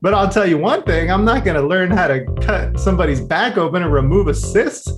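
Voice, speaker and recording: A man speaking as a reporter guest in an interview. His voice sits high for a man, and he tells the story casually and with animation. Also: lively intonation, a little fast, over music.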